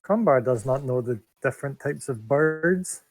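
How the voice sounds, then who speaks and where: A man playing in a tabletop game, chatting casually and musing slowly. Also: medium pitch, expressive, poor audio. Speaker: player.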